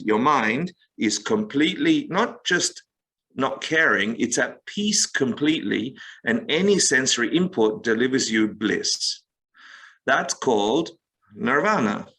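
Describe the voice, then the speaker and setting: A man guest on a podcast, explaining meditation in an animated, storytelling way and acting out little quotes as he goes. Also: mid-range voice, poor audio. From United States. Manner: expressive storyteller, acts out quotes, gaming analogies.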